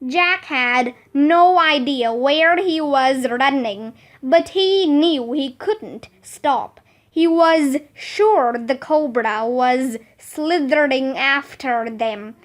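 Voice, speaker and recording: A woman reading a children's book aloud as narrator, slow, careful and expressive. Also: sits high.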